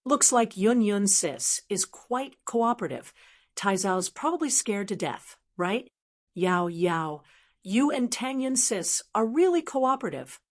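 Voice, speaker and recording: A mischievous young woman who giggles and teases her friends, lightly raised and bright, as a woman narrator puts her on. Her voice sits at an ordinary middle pitch with a playful lilt. It suits an audiobook of a web novel. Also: lively intonation, a little slow, lightly acted. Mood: amused teasing. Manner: giggly, teasing.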